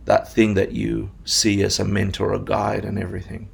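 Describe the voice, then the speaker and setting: A man from Argentina with a mixed Australian-Argentine accent, telling his story as a meditation teacher in a casual interview, animated and laughing often. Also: on the low side, normal speed, gravelly, breathy edge. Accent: Australian-Argentine mix.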